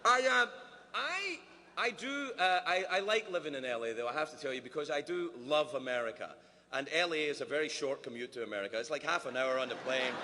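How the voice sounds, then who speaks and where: A Scottish man doing stand-up comedy at a formal dinner, animated, full of quick asides and mock-voiced quotes. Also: fairly high pitch, a little hiss or hum. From Scotland. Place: large banquet hall. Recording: roomy hall with faint ambience.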